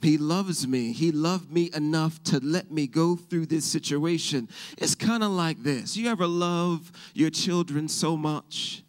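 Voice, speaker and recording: A man's voice: fairly high pitch, measured pace, hardly any pauses. A male pastor preaching a sermon, asking his congregation questions and acting out the Bible voices as he tells them. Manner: acts out Bible voices in the telling.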